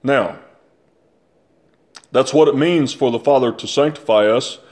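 An older man preaching a sermon, slow and deliberate, repeating phrases for emphasis and asking his listeners questions. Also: mid-range voice, darkish tone. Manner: asks the listeners rhetorical questions.

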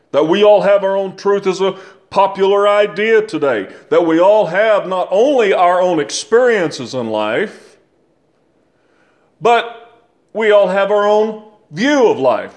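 An older man preaching a sermon, slow and deliberate, repeating phrases for emphasis and asking his listeners questions. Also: high-pitched. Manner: asks the listeners rhetorical questions.

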